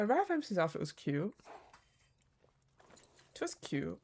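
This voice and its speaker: A woman's voice: fairly low pitch, huge pitch swings, slow pace, a little mellow. A young woman streaming a game, chatting casually with her viewers, laughing often and swearing freely. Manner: laughs a lot, swears, talks to chat. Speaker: gaming streamer. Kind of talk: casual live-stream chat.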